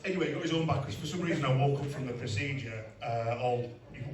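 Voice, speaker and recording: Crowd laughter rings through roomy club sound recorded from a distance as a middle-aged man performs stand-up before a live audience. He talks fast in a mid-range voice, blunt and self-mocking, with asides to the crowd.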